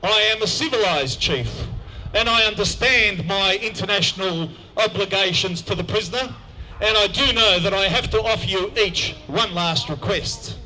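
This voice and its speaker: A man's voice: high-pitched, normal speed, sharp tone, poor audio. A man voicing a stern tribal chief who hands down judgment in a told joke. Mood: solemn.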